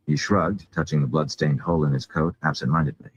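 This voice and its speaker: A man reading a fantasy novel aloud in an expressive way. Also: very deep voice, a little fast, few pauses, husky, dull audio. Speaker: audiobook reader.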